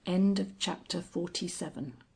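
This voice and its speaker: Brief: woman storyteller, slow and breathy, calm measured delivery. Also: lowish voice. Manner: measured, unhurried reading. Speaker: narrator. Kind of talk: scripted storybook narration.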